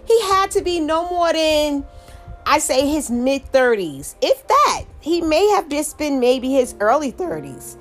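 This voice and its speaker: A woman's voice: high voice, sing-song, unhurried, faint music behind. Middle-aged woman telling a rambling story. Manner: rambling, with many restarts and asides. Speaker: vlogger. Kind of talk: casual storytelling monologue.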